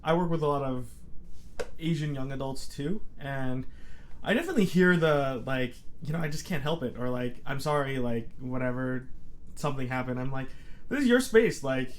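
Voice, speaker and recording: Man, therapist, casual podcast chat, reflective, explains things at length, mid pitch. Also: normal speed.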